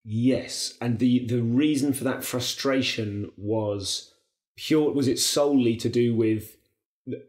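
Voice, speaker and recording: A man hosting a comedy podcast, asking measured, thoughtful questions. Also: medium pitch, darkish tone. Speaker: podcast host. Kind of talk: podcast interview.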